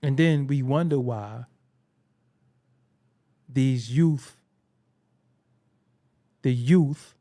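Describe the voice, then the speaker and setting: A man's voice: mid-range voice, very slow, long pauses, warm tone. A man from Brooklyn with a Brooklyn accent, hosting a casual commentary monologue in a blunt, preachy way, swearing freely. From Brooklyn, New York. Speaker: show host.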